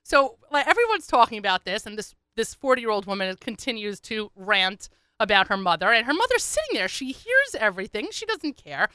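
Bright chatty woman telling a story. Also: on the high side, a little fast, clean tone, no room sound. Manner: animated, chatty, laughing asides. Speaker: radio host and columnist. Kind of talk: comic storytelling.

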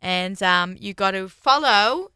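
A woman's voice: medium pitch, animated, slow, pushed and bright, smooth, no room sound. A woman hosting a radio talk show in a studio, chatty and upbeat, laughing often. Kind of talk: casual studio chat.

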